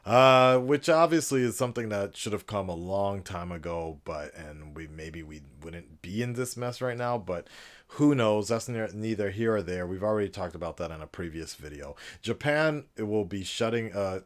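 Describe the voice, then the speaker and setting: A man's voice: on the low side, animated, moderate pace. A man talking frankly in a casual vlog, rambling with frequent fillers. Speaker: vlogger and teacher.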